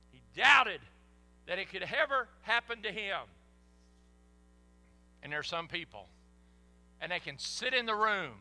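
An older man preaching a sermon in a church, animated and folksy, with sudden whoops. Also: high-pitched. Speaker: pastor. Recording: echoey hall.

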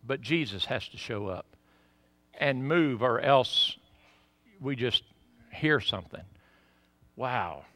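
Impassioned Southern preacher, bright voice. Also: male voice, mid-range voice, lively intonation, takes it slowly, long pauses, no room sound. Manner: impassioned, rising to loud emphatic peaks then dropping to quiet asides. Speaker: pastor. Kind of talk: sermon. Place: church.

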